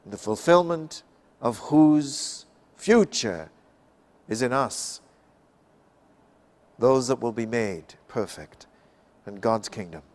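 A man from Canada giving an expository Bible talk, slow and emphatic, rising and falling for effect. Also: mid-range voice, lively intonation, a little mellow. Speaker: Bible class speaker.

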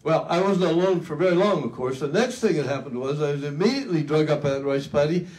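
In a luncheon event hall, an older American keynote speaker recounts his story in a storytelling speech that's folksy, dramatic, and self-mocking. His voice is fairly high-pitched with a darkish tone, and he talks fast.

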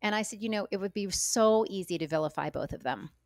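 A middle-aged woman, an author guest in an interview, speaking candidly and reflectively, often halting and repeating words as she thinks. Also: mid-range voice, darkish tone, dry recording, clean studio sound.

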